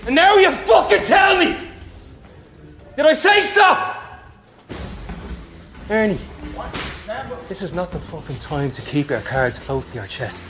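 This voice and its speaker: An actor playing a gruff middle-aged boxing coach, dry and lecturing, from film audio. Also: male voice, high voice, lively intonation, takes it slowly, pauses often, soft background music, heavily acted. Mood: furious. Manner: dry, lecturing, erupts into shouting. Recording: film audio with score underneath.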